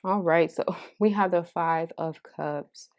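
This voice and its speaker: A woman with a notably low, deep voice reads tarot cards for her audience. She talks in a casual, heartfelt and candid way and swears freely. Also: fairly even intonation, takes it slowly, darkish tone. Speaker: tarot card reader. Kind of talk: casual pick-a-card tarot reading.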